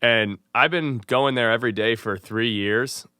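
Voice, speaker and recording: A man's voice: mid-range voice, a little slow, pushed and bright, smooth, no room sound, studio quality. A laid-back man from Chicago, a podcast guest chatting casually and agreeably. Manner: laid-back, agreeable, says "dude" a lot. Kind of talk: casual chat.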